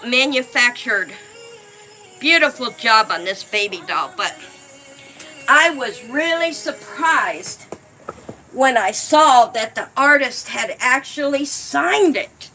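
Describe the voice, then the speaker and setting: A woman chats casually on her live stream in a high, bright voice. She takes her time, thanking viewers by name and talking fondly. Faint music plays quietly behind her. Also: low-quality recording. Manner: chatty, thanks viewers by name, warmly fond of her dolls.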